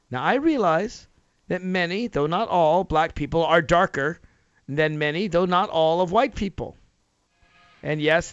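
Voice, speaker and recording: A man's voice: fairly high pitch, a bit bright, no room sound, muffled recording. A man from Tennessee hosting a radio talk show, arguing his point with rhetorical questions and emphatic rises. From Nashville, Tennessee, US. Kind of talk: opinion talk radio monologue.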